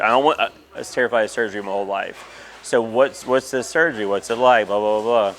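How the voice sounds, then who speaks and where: A man's voice: medium pitch, fairly quick. A man, candidly telling a personal story in an interview, with many fillers. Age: 30s.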